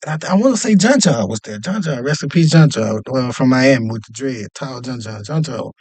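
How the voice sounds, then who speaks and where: A man telling a story in a casual, animated and profane way, often checking in with "you know what I mean". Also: mid-range voice, brisk, no room sound. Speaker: podcast host telling a story.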